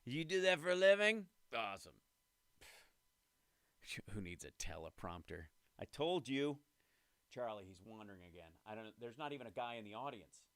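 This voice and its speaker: A man's voice: mid-range voice, sing-song, normal speed, fairly bright tone, clear, resonant tone, dry recording, studio quality. Sarcastic man riffing over a clip. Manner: sarcastic, interrupting with jokes. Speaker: host. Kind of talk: comedic political commentary.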